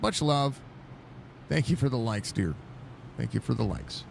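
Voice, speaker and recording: A man doing casual live commentary on a sim race while chatting with viewers, with excited outbursts at crashes. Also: mid-range voice, measured pace, vocal fry, background noise. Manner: chatty, greets viewers by name between race calls. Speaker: sim racing league commentator and streamer.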